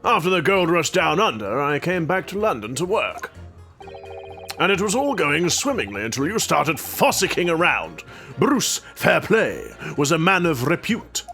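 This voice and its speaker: A man's voice: a little high, big pitch swings, measured pace, bright, forceful tone, soft background music, exaggerated voice. A man voicing an indignant, self-important middle-aged male banker juror in a video game playthrough.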